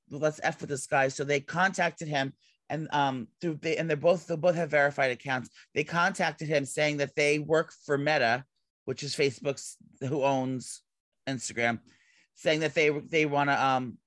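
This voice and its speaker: A man's voice: fairly high pitch, moderate pace, dry recording. Guy cohosting a gossip podcast, rambly and hyped, super dry close sound. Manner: rambling, excitable, swears casually. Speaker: podcast co-host. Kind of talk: casual gossip chat.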